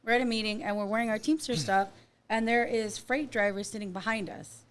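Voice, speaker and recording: A woman's voice: on the high side, brisk. A woman, co-hosting a casual podcast, telling a story with lots of laughter and acted-out quotes. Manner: animated, laughs often, acts out quotes. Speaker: podcast co-host.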